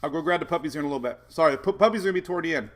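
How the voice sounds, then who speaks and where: A man's voice: fairly high pitch, rapid-fire. A man hosting a live weather stream from home, chatting casually in a rambling, jokey way. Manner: rambling, jokey, self-deprecating with frequent laughs. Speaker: weather show host.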